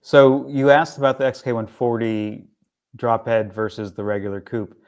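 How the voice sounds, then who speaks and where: A man's voice: mid-range voice, little pitch movement, normal speed. A man co-hosting a casual car chat, easygoing and agreeable, often restarting his sentences. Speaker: podcast co-host.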